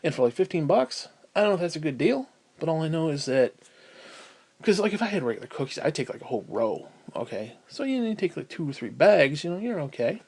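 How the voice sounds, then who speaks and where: A man's voice: fairly high pitch, very animated, fast talker, darkish tone, husky. A man ranting casually to the camera, rambling and profane, working himself up as he talks. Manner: profane, rambling and easily worked up. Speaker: gaming vlogger.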